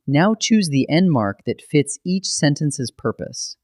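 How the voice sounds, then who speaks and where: A man narrating a scripted grammar lesson, explaining rules in a steady, methodical way. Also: a little high, slow, dry recording, clean studio sound. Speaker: grammar teacher.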